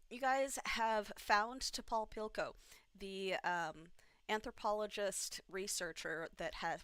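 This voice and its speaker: A tired game master, short on sleep, runs a tabletop game livestream from a home mic, giving announcements and a recap. She rambles and puts herself down, using many fillers. Her voice sits on the low side, a bit bright and smooth, with no room sound.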